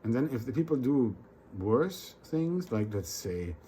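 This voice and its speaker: A man's voice: mid-range voice, big pitch swings, unhurried, dark tone, a little hiss or hum. A man vlogging in a casual rambling monologue, often repeating words and restarting, acting out little quoted exchanges.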